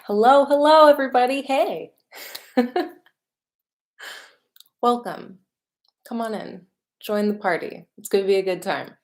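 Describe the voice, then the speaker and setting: A woman's voice: fairly high pitch, measured pace, pauses often. Bubbly woman with a Chicago accent. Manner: bubbly and chatty, greets viewers by place. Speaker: makeup artist hosting a livestream. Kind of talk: casual livestream chat. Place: home studio in Los Angeles.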